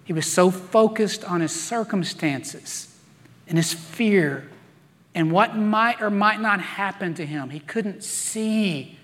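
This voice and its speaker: In a large hall with long reverb, a male pastor with a high, fairly bright voice speaks slowly through his sermon. He brings Bible stories to life with playful acted-out voices.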